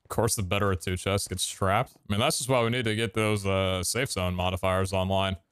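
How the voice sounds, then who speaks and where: A man giving casual gameplay commentary, excitable and swearing, with sudden loud outbursts and a voice that cracks. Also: low voice, a little fast, clean tone. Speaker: gaming streamer.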